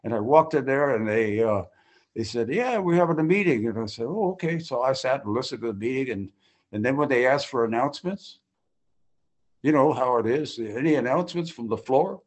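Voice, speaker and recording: A man's voice: mid-range voice, brisk. An older man sharing his personal recovery story at a group meeting, folksy and full of restarts and acted-out quotes.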